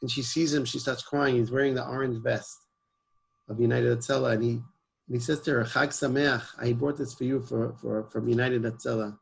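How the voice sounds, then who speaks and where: Gravelly, husky man telling a story. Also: medium pitch, fairly even intonation, fairly quick, poor audio. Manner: earnest, emphatic storytelling with Hebrew words. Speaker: guest, emergency service founder. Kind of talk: personal storytelling in an interview.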